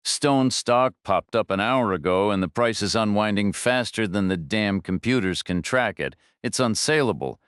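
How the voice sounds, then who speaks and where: A man's voice: on the low side, animated, normal speed, few pauses, fairly bright tone, clear, resonant tone, dry recording, studio quality. A man voicing a furious middle-aged finance director who screams, pants and sneers sarcastically, in a storybook reading. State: out of breath.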